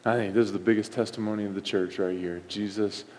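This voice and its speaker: A man's voice: on the low side, steady tone, fast talker, darkish tone, slight background noise. A middle-aged male pastor preaching a sermon, with punchy, repetitive phrasing and emphatic outbursts. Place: church sanctuary. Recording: long reverb of a church hall.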